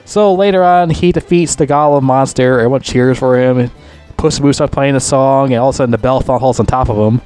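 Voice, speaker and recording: A man talks through a movie in a loose, rambling review, swearing constantly and circling back over the same points. His voice sits at a middling pitch but shoots up when excitement takes over. Faint music plays behind him. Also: a little fast, smooth. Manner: rambling, heavy swearing, repeats himself; gets loudly excited and higher when retelling scenes. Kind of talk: casual movie review vlog.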